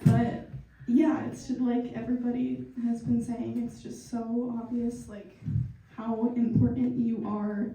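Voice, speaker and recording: Tearful slow-talking woman in echoey room. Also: fairly high pitch, level tone, creaky, mellow. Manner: tearful, halting. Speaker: graduate thanking friends. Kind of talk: emotional casual speech. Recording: echoey room, from far off, noisy.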